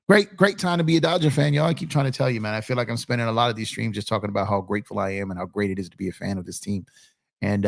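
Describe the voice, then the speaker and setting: A man chats casually on a live stream, laid-back and prone to repeating himself as he reads messages aloud. His voice is gravelly, still a little rough from a recent cold. The sound is dry and close, with no room around it. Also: mid-range voice, a bit bright, no echo. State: recovering from a cold. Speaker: sports stream host.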